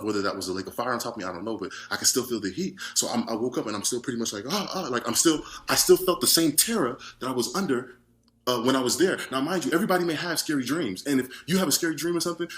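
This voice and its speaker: Man telling his own testimony, quick delivery, frantic and full of restarts. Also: medium pitch, fairly bright tone. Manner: frantic, rambling, many restarts and repeated words. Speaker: witness giving a testimony. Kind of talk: personal testimony monologue.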